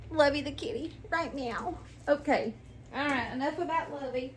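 In a casual at-home haul vlog, a woman with a high, fairly bright voice speaks at a measured pace. She's bubbly and gushing, chatting indoors straight to her viewers as "y'all."

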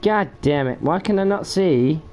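Young male streamer, slightly high voice, animated frustrated live commentary. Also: unhurried, muffled recording, soft background music. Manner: frustrated swearing outbursts. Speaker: gaming streamer.

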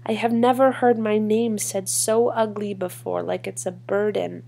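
Woman doing spoken word poetry, really slow and deliberate, gravelly fry in her voice. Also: mid-range voice, little pitch movement, mellow. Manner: measured, deliberate delivery with long pauses. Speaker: poetry reader.

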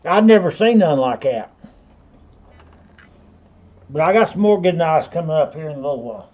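A man's voice: fairly high pitch, animated, moderate pace, highs cut off. A man with a Southern US accent running a live online auction, rambling in a folksy way and calling viewers by name. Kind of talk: live-stream auction patter.

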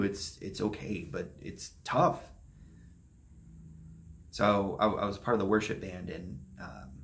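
A young man speaks in a low, gravelly voice. He tells a painful personal story for his vlog, soft-spoken and halting, pausing and starting over as the feelings catch up with him. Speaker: vlogger.

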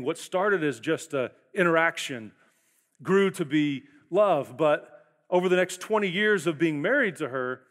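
A man in his forties preaching a sermon as a pastor, telling stories in an animated way with quick bursts and acted-out quotes. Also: fairly high pitch. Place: large church auditorium. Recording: long church hall reverb.

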